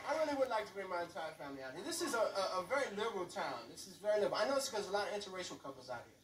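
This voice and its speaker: Animated stand-up comedian man. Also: high voice, racing. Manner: animated, storytelling, lots of voices. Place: comedy club stage. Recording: roomy club sound from far off, faint room noise.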